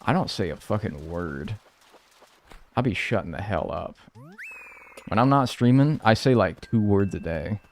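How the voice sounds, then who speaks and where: Chatty, animated young male streamer. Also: on the low side, a little slow, gravelly, pauses often, slight background noise. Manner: animated, chatty, swears a lot. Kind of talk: casual live-stream gameplay chat.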